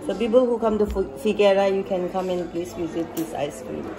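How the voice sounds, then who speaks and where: A woman's voice: medium pitch, a little fast, background noise. A woman from India chatting cheerfully in simple English for her vlog at an ice cream shop, laughing often. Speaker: vlogger. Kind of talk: casual vlog chat. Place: ice cream shop at night, busy with people. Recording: crowd chatter behind.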